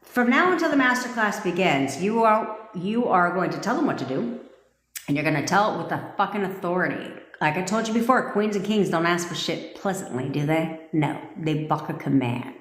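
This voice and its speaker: A woman's voice: fairly low pitch, animated, moderate pace, fairly bright tone. Profane, commanding woman coach in an echoey room. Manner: blunt, profane and commanding, with rising intensity. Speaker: manifestation coach. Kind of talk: livestream talk to viewers. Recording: echoey room with long reverb.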